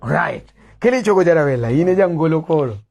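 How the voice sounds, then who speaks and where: A man's voice: on the high side, fast, creaky, dull audio. A man hosting a casual chat who keeps up a stream of short agreements and often repeats his own phrases. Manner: talks over guests with frequent short agreements, repeats phrases. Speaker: host. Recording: steady electrical hum behind the voice.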